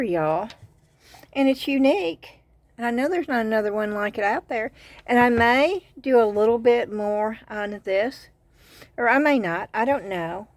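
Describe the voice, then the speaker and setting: Chatty Southern woman gushing over bargains. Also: medium pitch. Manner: chatty, excited about bargains, rambling asides. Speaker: craft vlogger. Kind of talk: casual haul and craft chat.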